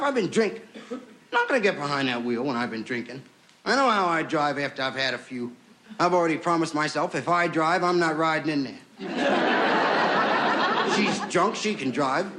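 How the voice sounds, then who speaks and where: Lively high-voiced man telling a comedy story. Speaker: stand-up comedian. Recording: noisy old television recording.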